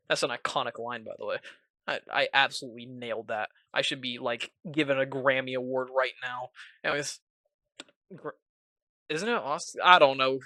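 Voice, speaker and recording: Bright, joking man rambling through a recap. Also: mid-range voice, fairly even intonation, moderate pace, no echo. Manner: rambling, jokey, heavy use of filler words. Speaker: student. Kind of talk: casual video essay narration.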